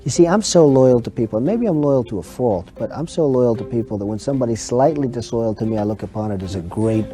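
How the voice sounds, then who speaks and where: A man's voice: medium pitch, lively intonation, fast, hardly any pauses, warm tone, soft background music. A man answering interview questions in a boastful, candid, rambling way.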